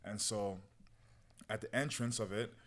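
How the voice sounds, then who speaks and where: A man's voice: on the low side, measured pace, fairly bright tone. A young man telling a personal story as a podcast guest in casual, slangy talk. He keeps saying "bro" and "yo" and acts out his own past words as he goes. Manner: relives moments through quoted self-talk.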